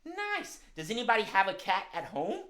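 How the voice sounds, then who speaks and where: A man's voice: high voice, animated, moderate pace, bright, forceful tone. A man hosting a live-streamed children's music show, talking cheerfully straight to young viewers.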